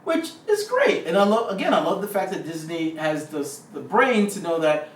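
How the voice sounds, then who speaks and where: A man co-hosting a casual film review, talking in a rambling, animated way and acting out little quotes, recorded at a distance in a roomy space. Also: on the high side, moderate pace, slight background noise. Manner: rambling, animated, acts out lines. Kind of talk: casual chat. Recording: roomy sound from a distant mic.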